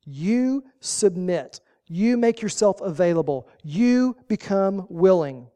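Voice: medium pitch, animated, takes it slowly, dark tone. A pastor preaching a sermon, folksy and emphatic, driving points home with short repeated commands.

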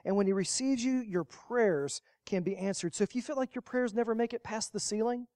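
A pastor preaching a sermon, rising to loud emphatic lines and dropping to quiet, low asides, repeating key phrases. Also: brisk, no room sound, studio quality.

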